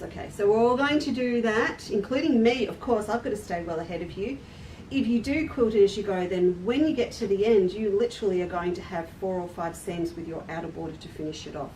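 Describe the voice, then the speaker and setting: A woman's voice: medium pitch, warm tone, far from the mic. A chatty, self-deprecating woman runs a casual live demonstration. She sounds set back from the mic in a roomy, echoey space. A faint hiss of background noise sits behind her voice. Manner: chatty, friendly, laughs at herself. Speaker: quilt shop owner hosting a live stream.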